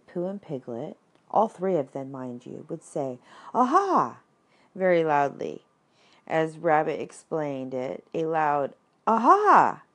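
A woman reading a children's story aloud, unhurried, with asides to the listener. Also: sits low, vocal fry, darkish tone.

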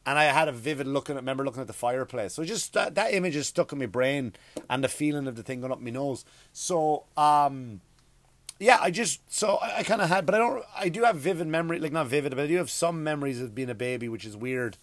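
A man's voice: fairly high pitch, expressive, fairly quick, no room sound. Irish man, middle-aged, crude profane comedy rant, dry close sound. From Ireland. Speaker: podcast host.

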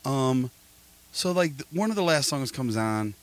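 A middle-aged man, a podcast host, telling an animated story in casual chat and quoting people back and forth. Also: mid-range voice, a little slow.

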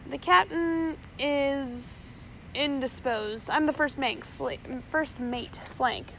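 A woman doing a big, calm first mate. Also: sits high, slow pace, creaky, a little hiss or hum, exaggerated voice, low-quality recording. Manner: calm, bellowing orders. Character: big steady male ship's first mate. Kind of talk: storybook reading.

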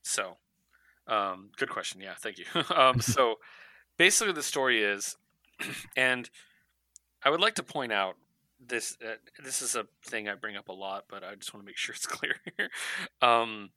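A man on a comics podcast tells a story with animated energy, jumping into little voices for the characters. His tone is very bright and cutting, and the recording is dry and close, with no room sound. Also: on the low side, moderate pace, no room sound, rough recording. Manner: animated storyteller, acts out character lines with laughs. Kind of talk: casual podcast chat retelling a comic.

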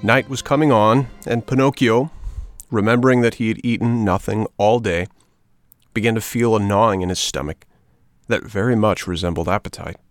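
A man reading a children's book aloud in an expressive, measured storytelling manner. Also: lowish voice, no echo, soft background music.

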